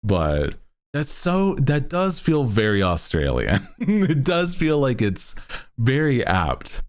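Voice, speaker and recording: A man's voice: medium pitch, wildly swooping pitch, takes it slowly. A man streaming, chatting casually to his chat in a laid-back, rambling way with lots of fillers. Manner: bursts into loud laughter.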